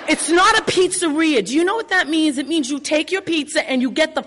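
A woman's voice: high-pitched, fairly quick, a bit bright, a faint crowd. A woman telling a personal story live, brash and swearing freely as she acts out scenes. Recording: long hall reverb.

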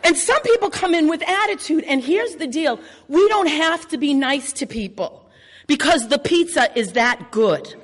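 A woman's voice: sits high, expressive, moderate pace. A woman telling a personal story live, brash and swearing freely as she acts out scenes. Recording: long hall reverb.

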